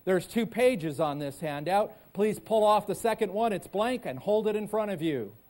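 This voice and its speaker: A man's voice: sits high, expressive, normal speed, a little mellow. A man giving a live keynote talk as a psychologist and motivational speaker. He tells stories and leads the audience in call-and-response on a conference stage.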